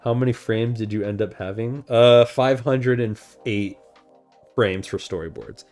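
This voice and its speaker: Animated young man streaming casually. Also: on the low side, a little slow, soft background music. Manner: animated, laughs often, swears casually. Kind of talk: casual livestream chat.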